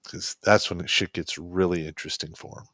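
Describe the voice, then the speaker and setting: A man's voice: low voice, steady tone, fairly quick, bright, forceful tone, no room sound. A man co-hosting a casual live stream, laid-back, often giving short agreeing replies.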